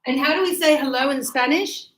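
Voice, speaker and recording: A woman's voice: sits high, fairly bright tone. Chatty woman teaching in an echoey room. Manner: chatty, playful, asks quick checks. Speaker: English teacher. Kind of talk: live classroom lesson. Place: classroom.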